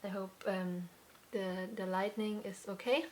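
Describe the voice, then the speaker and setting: Slow, halting woman, a little breathless. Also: medium pitch, fairly even intonation, a little hiss or hum. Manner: unhurried, with many fillers and restarts. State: slightly out of breath. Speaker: podcast host. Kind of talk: casual chat.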